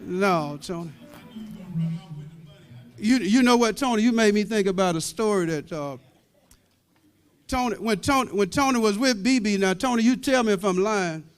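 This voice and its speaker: A man with a high, smooth, ringing voice acts as emcee and introduces a guest to the crowd. He teases, repeats himself, and keeps things playful, with faint music behind him. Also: moderate pace, pauses often. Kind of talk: introducing a guest at a public event.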